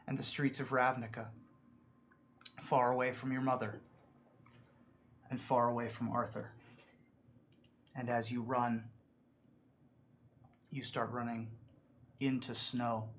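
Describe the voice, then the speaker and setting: A man runs a tabletop game as dungeon master, narrating in a halting, searching way full of fillers. His voice sits in a middle register, with a faint hiss behind it. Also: mid-range voice, fairly bright tone.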